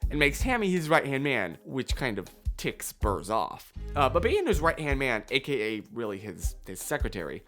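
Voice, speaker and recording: A woman's voice: extremely low pitch, sing-song, normal speed, few pauses, a bit bright, faint music behind. A young woman narrating a comedic story recap in slangy, jokey talk with self-deprecating asides.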